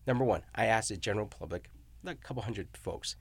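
Animated and fast, a middle-aged professor and university researcher speaks in a lowish, slightly rough voice on a dry recording. He tells stories in a casual academic discussion, frequently asking "you know?" and "right?".

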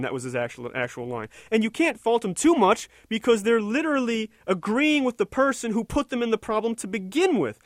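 A man's voice: high-pitched, animated, fast, dry recording, clean studio sound. A man delivering an indignant, sarcastic opinion rant, rambling and restarting his sentences as he goes. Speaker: political commentator.

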